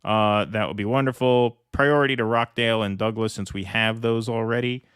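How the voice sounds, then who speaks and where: A man's voice: lowish voice, fairly even intonation, fairly quick, fairly bright tone, smooth, no echo, clean studio sound. A man hosting a live political stream, chatting casually, joking, and reading viewer comments aloud.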